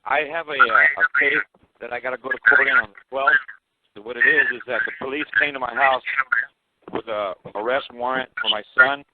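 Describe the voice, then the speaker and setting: A man calls in and explains his court case haltingly, his voice at a middling pitch. The phone line is tinny and thick with loud hiss. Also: steady tone. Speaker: caller.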